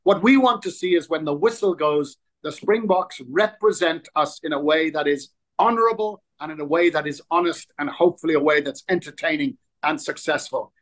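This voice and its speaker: Animated man in his sixties. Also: on the high side, moderate pace, few pauses. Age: 60s. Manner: animated storyteller, frequent restarts. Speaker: interview guest. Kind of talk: casual interview chat.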